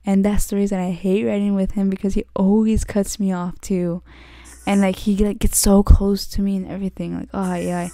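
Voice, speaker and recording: A woman's voice: mid-range voice, level tone, normal speed, dark tone, dry recording. A young woman hosting her podcast, telling a story in a rambling casual way, full of "like" and frequent restarts. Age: young adult. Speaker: podcast host.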